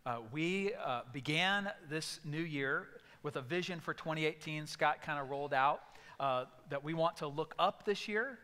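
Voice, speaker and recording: A man's voice: fairly high pitch, normal speed, pushed and bright, clean tone, in a large hall. A male pastor giving a sermon, telling stories and acting out voices in bursts. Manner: storytelling with sudden acted outbursts. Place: church sanctuary.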